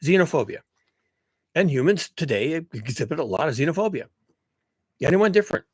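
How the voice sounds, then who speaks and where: A man's voice: fairly high pitch, big pitch swings, fairly quick, breathy edge, no echo. A man giving a casual, emphatic monologue, rambling with restarts as he builds his points. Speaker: commentator on climate and human nature.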